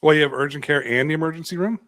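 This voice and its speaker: Sarcastic ranting podcast man, fairly high. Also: rapid-fire, fairly bright tone, no echo. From Canada. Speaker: podcast co-host. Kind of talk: casual chat.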